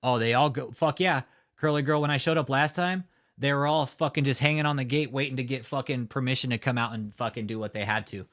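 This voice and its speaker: A man's voice: mid-range voice, steady tone, quick pace, a bit bright. A man hosting a live stream, talking in a heated, profane rant and often swearing. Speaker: livestream host. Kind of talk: angry live-stream commentary.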